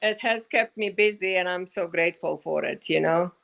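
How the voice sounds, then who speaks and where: A woman fashion designer, a guest in a casual interview, talking in a relaxed way with many fillers, heard through a video call. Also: on the low side, normal speed, vocal fry, poor audio. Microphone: video call mic.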